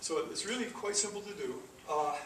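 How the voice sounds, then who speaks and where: A man with a high, slightly bright voice talks fairly quickly while teaching a programming class. He walks through the material step by step, full of fillers and restarts, like a classroom lecture. The noisy recording sounds distant and echoey.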